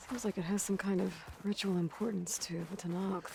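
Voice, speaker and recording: An actress voicing a calm, curious young woman hunter in a video game, speaking in a soft, measured way. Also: medium pitch, creaky, slight background noise, close to an everyday voice.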